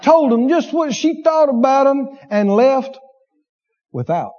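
A man preaching a sermon, animated, acting out inner voices and laughing as he preaches. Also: very high voice, slow pace, highs cut off.

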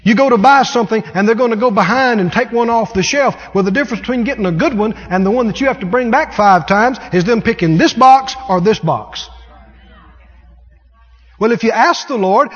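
A male preacher with a high voice delivers an animated sermon, breaking into shouts and scornful laughter as he acts out little scenes. His voice rings with a long hall reverb. The sound is dull and lo-fi. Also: fairly quick, slightly rough.

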